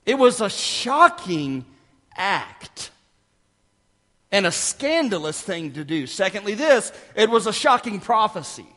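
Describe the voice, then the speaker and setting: A man preaching a sermon as pastor, emphatic and dramatic, dropping to hushed asides and rising again. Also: high voice, very animated, takes it slowly, long reverb tail.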